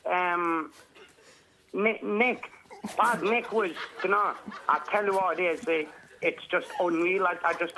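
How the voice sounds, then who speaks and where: A man calling in, talking haltingly with many restarts. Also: high-pitched, sharp tone, rough recording. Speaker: caller.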